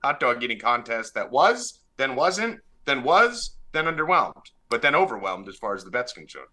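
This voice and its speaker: Male podcast host, profane and teasing, animated delivery with a sharp tone. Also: mid-range voice, moderate pace. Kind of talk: casual sports betting chat.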